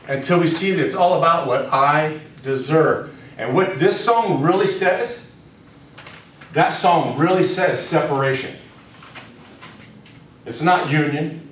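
A man giving a spiritual teaching to a small group, speaking deliberately and repeating key phrases for emphasis. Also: on the high side, a bit bright. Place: room with a live audience. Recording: very echoey room, distant mic, faint noise.

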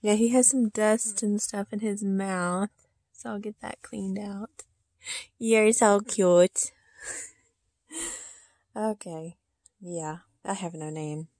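A woman's voice: medium pitch, fairly even intonation, slow pace, long pauses, dark tone, no room sound. A woman unboxing a reborn doll on her channel, talking in a cooing baby-talk way and giggling often. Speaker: reborn doll collector and vlogger. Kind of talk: casual unboxing chat.

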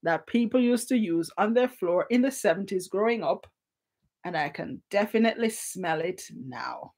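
A woman in her fifties with a Jamaican accent runs a relaxed live-chat quiz. She talks in an easy, chatty way at an ordinary pitch. She laughs often as she reads out what viewers type. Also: normal speed. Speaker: quiz co-host.

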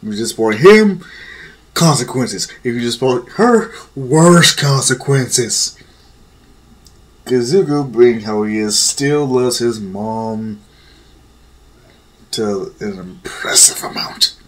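A man's voice: mid-range voice, animated, slow. A man casually telling an improvised fan story with a rambling manner.

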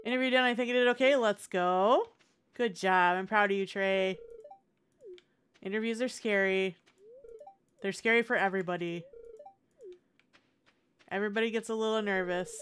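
A woman's voice: medium pitch, steady tone, normal speed, long pauses, a bit bright, a little hiss or hum. A woman streamer chatting casually over gameplay, talking to herself and the chat in a chatty, encouraging way. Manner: chatty, encouraging, self-talk.

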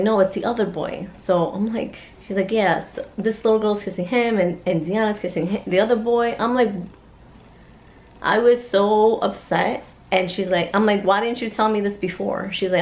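A young adult woman and family vlogger telling a story in a chatty, animated way, full of fillers. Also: medium pitch. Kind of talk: casual vlog chat.

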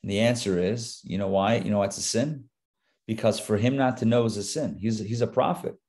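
A man's voice: lowish voice, a little fast, darkish tone. A male rabbi teaching a live Torah class, talking conversationally and dropping joking asides as he reads the text.

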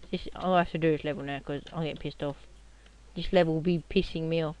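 A young man giving casual gameplay commentary at his computer, rowdy and swearing, often yelling at the game. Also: on the high side, smooth, dry recording. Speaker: gaming commentator.

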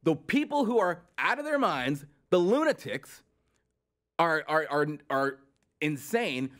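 Guy ranting sarcastically on a politics comedy show, high voice, bouncing all over, mocking. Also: a bit bright. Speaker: political commentary host.

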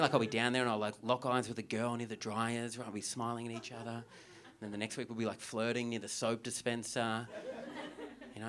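A man's voice: medium pitch, noisy background. A young Australian man doing a stand-up comedy set, chatty and self-mocking, with many asides to the crowd on a theatre stage.

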